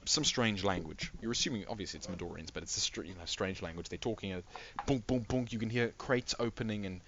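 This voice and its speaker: A man serves as game master, painting the scene in loose, meandering sentences that keep doubling back. His voice sits slightly low. The mic sounds muffled and lo-fi. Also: fast, a bit bright, slight background noise. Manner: rambling, self-correcting descriptions. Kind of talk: narrating a tabletop game.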